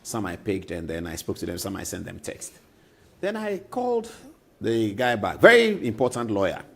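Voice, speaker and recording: Husky Ghanaian man, lively storyteller. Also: fairly low pitch, normal speed. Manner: emphatic, repeats names for effect. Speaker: TV talk-show host. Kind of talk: animated storytelling commentary.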